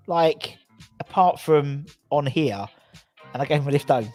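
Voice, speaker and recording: A man's voice: fairly high pitch, expressive, moderate pace, darkish tone, no room sound, soft background music. Chatty man hosting a football fan show. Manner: chatty, rambling, reads out viewer comments. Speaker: podcast host. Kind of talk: casual fan chat show.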